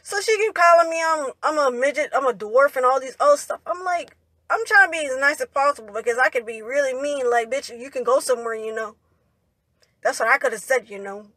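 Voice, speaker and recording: A woman's voice: high-pitched, brisk, bright, forceful tone, no echo. A young woman telling a story in a rambling, indignant way, ending her lines with "right?" and "you know". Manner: indignant retelling. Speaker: vlogger. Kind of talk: storytime monologue.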